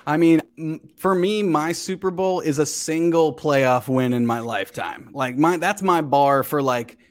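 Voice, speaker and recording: A man chatting casually on a podcast, an animated storyteller who swears freely. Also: on the high side, a little slow. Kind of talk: casual chat.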